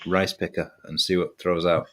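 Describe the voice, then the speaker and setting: A man's voice: low-pitched, little pitch movement, normal speed, a bit bright. A man co-hosting a podcast, teasing the others with crude, swearing banter.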